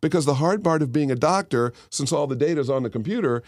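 A man's voice: fairly high pitch, expressive, quick pace, darkish tone, dry recording. Middle-aged male podcast co-host, rambling tangent-prone storyteller, dry close mic. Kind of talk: casual chat.

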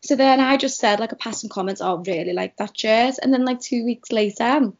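A woman's voice: fairly high pitch, fairly quick. A young woman from Liverpool with a strong Scouse accent, chatting casually as a podcast guest and rambling with lots of "like". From Liverpool, England. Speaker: guest, radio producer. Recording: dull lo-fi remote call audio.

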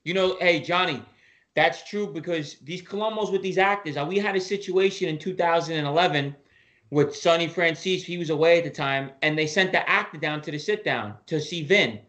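A man's voice: on the high side, a little fast, fairly bright tone. A man co-hosting a podcast, telling a blunt story with plenty of swearing. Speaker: co-host. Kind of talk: casual podcast chat.

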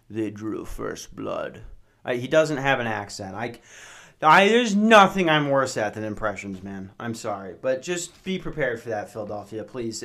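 Man, solo podcast host, casual rant, swears a lot, sarcastic, self-mocking, mid-pitched voice. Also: a bit bright. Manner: profane, rambling and sarcastic.

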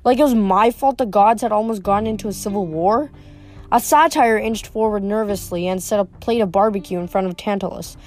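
Casting: amateur woman reader of a novel, unpolished, average pitch. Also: a little fast, darkish tone, soft background music. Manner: unpolished reading with frequent slips and restarts. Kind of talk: reading a novel aloud.

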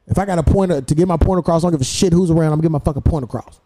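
A man's voice: fairly high pitch, racing, mellow. A young adult man hosting a podcast, telling a story in a profane, heated way with laughs. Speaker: podcast host. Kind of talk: casual storytelling chat.

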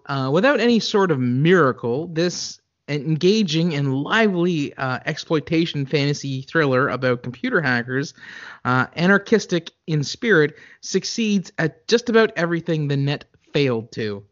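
A man's voice: a little high, expressive, normal speed, fairly bright tone, dull audio. A man co-hosting a casual movie podcast, talking hesitantly with stammering restarts. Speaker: podcast co-host.

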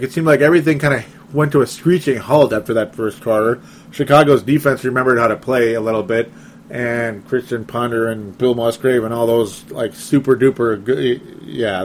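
A chatty man hosts a casual sports talk podcast in a voice of middling pitch. He reads listener comments aloud, laughs often and pokes fun at himself. A faint hiss of noise sits under the recording.

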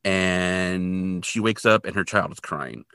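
A man's voice: low-pitched, slow, creaky, sharp tone, clear, resonant tone, dry recording, clean studio sound. A man co-hosting a podcast, retelling a TV episode in a loose, casual way with lots of filler words. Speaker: podcast co-host.

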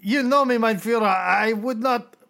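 A man's voice: very high-pitched, moderate pace, creaky, sharp tone, voice pushed up, exaggerated voice. A man voicing a nervous, bumbling male junior officer who stammers and fawns, in a comedy bit. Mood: pleading. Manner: stammering, fawning.

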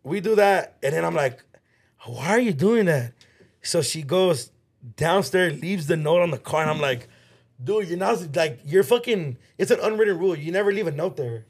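A man, co-hosting a podcast and telling an animated, profane family story in casual chat. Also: fairly high pitch, normal speed, slightly rough. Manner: animated storyteller, swears a lot, slips into Spanish. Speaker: podcast co-host.

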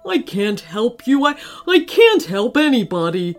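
A woman's voice: on the high side, big pitch swings, soft background music. A woman doing a sad, shy storybook monster. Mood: mournful. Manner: slow, mournful, withdrawn. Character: sad lonely shy monster, hides in the dark. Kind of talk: storybook reading.

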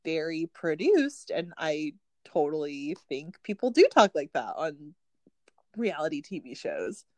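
A woman co-hosting a casual book podcast, animated and fond of acting out quotes. Her voice sits a little low. The sound is dry and close-miked. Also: a little slow, no room sound. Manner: animated storyteller, acts out quotes. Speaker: podcast co-host.

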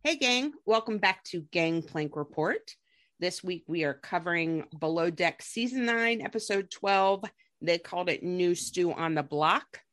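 A woman's voice: fairly low pitch, lively intonation, measured pace, fairly bright tone. A woman hosting a podcast in casual, chatty, upbeat talk that often breaks into giggles. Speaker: podcast host.

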